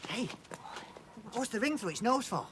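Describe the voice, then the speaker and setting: A man's voice: very high voice, very animated, normal speed, a bit bright, a little hiss or hum. A man presenting a comedy sketch as the patient straight man, explaining things in a comic double act.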